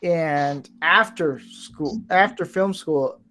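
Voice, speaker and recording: A man hosts a casual build stream, assembling a brick toy set while telling a rambling story with frequent swearing. His voice is a little high, slow, bright, and forceful. The rough recording carries a little hiss or hum.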